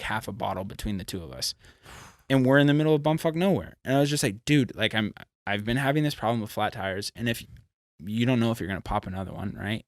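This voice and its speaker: A young man from California, a podcast guest, telling a road story in a casual, profane, animated way. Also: mid-range voice, no room sound, studio quality. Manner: animated, profane, acts out quotes.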